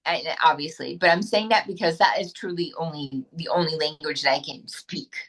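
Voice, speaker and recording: American actress on a video call, kinda low voice, rambly and candid, lots of ums. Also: female voice, moderate pace, a bit bright, rough recording. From United States. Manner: candid, rambling with fillers and restarts. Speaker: actress, interview guest. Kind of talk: casual interview chat.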